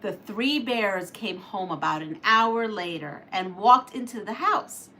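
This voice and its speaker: Slow, animated woman telling a story. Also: medium pitch, a little hiss or hum. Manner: animated, laughs while reading. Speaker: quilting channel host. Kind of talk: reading a story on a livestream.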